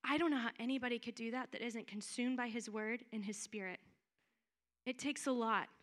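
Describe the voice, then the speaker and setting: Young female preacher, bright and a bit high, chatty and animated delivery. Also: fairly quick. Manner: animated, conversational preaching with acted-out quotes. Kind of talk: sermon.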